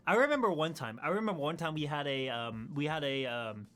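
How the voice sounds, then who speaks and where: A man's voice: on the high side, animated, a little fast, fairly bright tone, smooth, faint music behind. A young man streaming and chatting casually, rambling and laughing often at himself. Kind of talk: casual chat.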